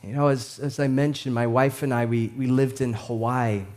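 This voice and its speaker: A pastor in his thirties delivers a sermon with lively storytelling, moving between soft and loud moments and breaking into laughter. His voice sits in the mid range at a moderate pace.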